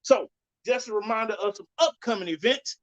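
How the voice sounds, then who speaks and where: A man hosting a podcast, giving a loud, blunt, cursing rant with sudden jumps in pitch. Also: fairly quick. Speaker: podcast host. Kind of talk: profane ranting monologue. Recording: dull lo-fi sound.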